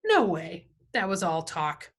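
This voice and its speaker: A woman's voice: fairly low pitch, very animated, takes it slowly, a bit bright, husky, full character voice. Woman doing a hammy clever boy, mock-knightly. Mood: breezy. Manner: grandly theatrical, old-fashioned phrasing.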